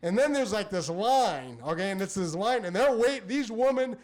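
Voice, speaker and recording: A man with a notably high voice tells a comic story to a live theater crowd. He rambles, stacks up repeated words and restarts, and punches his lines with animated bursts. He speaks into a stage microphone. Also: normal speed. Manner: animated, exclamatory delivery. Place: small theater stage before a live audience.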